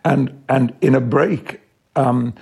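An older man with an English accent, an actor answering interview questions in a measured, emphatic way. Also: medium pitch, steady tone, vocal fry, breathy edge. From England. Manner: measured, warmly emphatic, slows on key words. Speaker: guest, actor.

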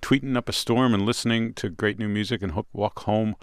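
A man's voice: on the low side, steady tone, fairly quick, smooth, no room sound, studio quality. A man co-hosting a music radio show, chatting in a playful, bantering way. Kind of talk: casual radio chat. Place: radio studio.

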